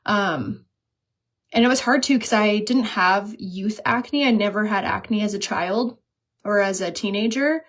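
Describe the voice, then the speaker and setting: A chatty woman in her thirties talks straight to her viewers while she does her makeup. She tells self-mocking stories, laughs at her own mix-ups and speaks in a casual, everyday way. Her pitch sits in the middle for a woman. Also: unhurried. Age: 30s. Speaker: beauty vlogger.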